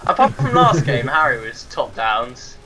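A man's voice: medium pitch, very animated, moderate pace, crowd noise, poor audio. A man gaming with friends, wry and complaining. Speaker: gamer. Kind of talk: casual gaming chat.

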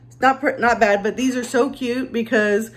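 A woman's voice: a little high, steady tone, normal speed. A woman who resells items part-time, chatting casually and upbeat to her viewers as she shows what she sold, with a self-deprecating streak.

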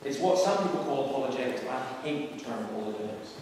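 A middle-aged preacher and evangelist with a medium-pitched, expressive voice talks at a quick pace, sharing earnest, conversational stories with a group visiting a large church. He's recorded from a distance in an echoing hall against a noisy background.

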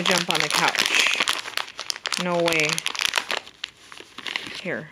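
A woman's voice: medium pitch, slow pace, pauses often, very noisy. A woman in a casual pet vlog at home, cooing baby talk at her cat and laughing often. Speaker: pet vlogger.

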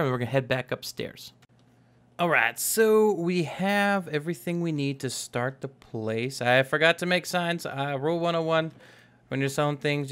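A man's voice: fairly high pitch, a bit bright, clear, resonant tone. Young male let's-player, casual and rambling, self-correcting, jokey. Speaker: gaming YouTuber. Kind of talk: casual Minecraft let's play commentary.

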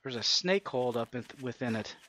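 A man's voice: medium pitch, animated, normal speed, sharp tone. A man hosting a co-op survival game video, chatting casually with friends and chuckling often. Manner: chuckles often, wry asides. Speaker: gaming channel host. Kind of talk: casual co-op gameplay chat.

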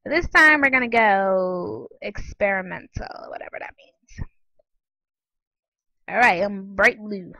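A woman giving casual, excitable commentary while playing online games, often giggling and squealing. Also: medium pitch, slow, pauses often, dry recording, lo-fi sound. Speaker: gaming channel host.

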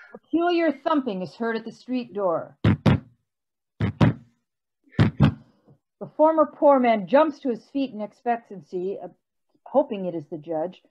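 A woman calmly reading stage directions in a play, recorded muffled. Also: a little high, slow pace, long pauses.

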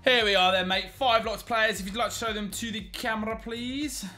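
A young gaming YouTuber hosts a video game session, bantering casually with a friend and laughing often. His voice is high, fairly quick and fairly even in intonation, with a pushed, bright quality over soft background music.

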